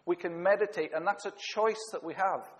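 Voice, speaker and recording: A man's voice: high-pitched, a little fast. A man preaching a sermon, earnest, with small slips and self-corrections. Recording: long reverb of a hall.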